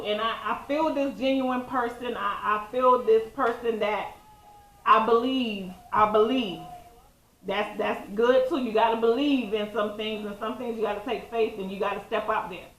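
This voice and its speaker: A woman's voice: a little high, normal speed, a bit bright. A woman co-hosting a couple's channel, talking through a relationship Q&A in an easygoing, rambling way that circles back on itself. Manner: easygoing, rambling, repeats phrases. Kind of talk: casual relationship chat. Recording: roomy echo.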